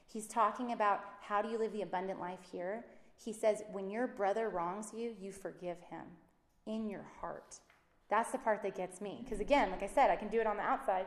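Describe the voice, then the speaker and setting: A woman giving a casual Bible teaching, chatty and animated, acting out the people she quotes. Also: normal speed, echoey room. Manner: chatty and animated, acts out quotes with rising pitch.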